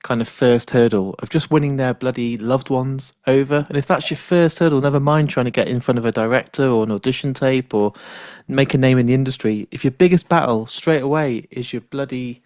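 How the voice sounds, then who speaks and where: A man's voice: mid-range voice, fairly quick, a little mellow, dry recording, clean studio sound. A man hosting a podcast, asking long rambling questions in a chatty way. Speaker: podcast host. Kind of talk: casual interview chat.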